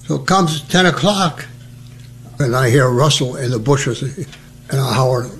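Speaking at a measured pace and pausing often, an older American man with a medium-pitched, slightly bright voice shares personal stories. This veteran interviewee keeps it chatty and funny, doing voices for the people he quotes.

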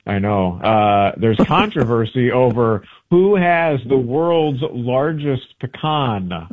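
A man's voice: medium pitch, big pitch swings, slow. A man, a travel book author, chatting in a radio interview and telling rambling stories, often correcting himself mid-sentence. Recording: tinny phone-line audio.

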